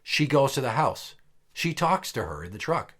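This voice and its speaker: A man's voice: mid-range voice, very animated, normal speed, a bit bright. A man hosting a podcast, telling a long story in a blunt, profane, exasperated way. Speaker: podcast host. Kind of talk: casual storytelling chat.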